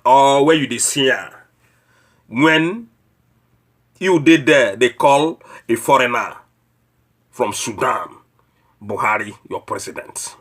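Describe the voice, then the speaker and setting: A man's voice: mid-range voice, slow, long pauses, fairly bright tone, breathy edge. A man with a Nigerian Pidgin accent giving a preachy political rant that scolds his listeners with mocking rhetorical questions. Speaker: online commentator.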